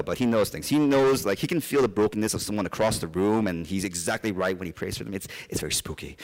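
Male preacher, young adult, lowish voice; conversational sermon, animated personal anecdotes. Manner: conversational, animated storytelling with asides.

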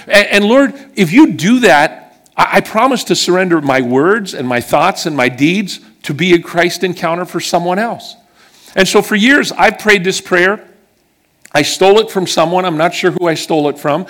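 An earnest man preaching to his church in a fairly high voice. He tells stories with emphasis and sinks low and soft on the words that matter most. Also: moderate pace. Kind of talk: sermon with personal stories. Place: church service before a congregation.

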